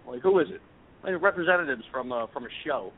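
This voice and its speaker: A man's voice: a little high, animated, fast talker, slightly rough. A man who is a guest chef on a casual podcast, telling his stories candidly, stumbling and restarting and swearing freely. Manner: candid, profane storyteller with frequent restarts. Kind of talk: casual chat. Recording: tinny phone-like sound.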